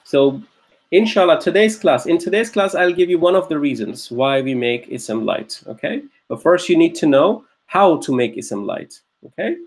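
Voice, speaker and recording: His voice sits on the high side, with lively intonation and an ordinary pace, as this man leads an online Arabic grammar class. He repeats every point patiently and checks whether students understand.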